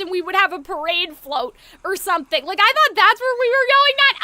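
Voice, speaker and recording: A woman streaming a game, chatting and giggling with her viewers in quick asides. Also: very high-pitched, expressive, sharp tone. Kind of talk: live game stream commentary.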